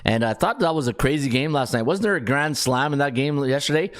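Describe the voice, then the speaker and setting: A man's voice: medium pitch, expressive, fairly quick. Middle-aged male podcast host, casual betting talk, stat-heavy delivery, mid-range voice. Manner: conversational, rattles off stats with fillers. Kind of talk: casual sports betting analysis.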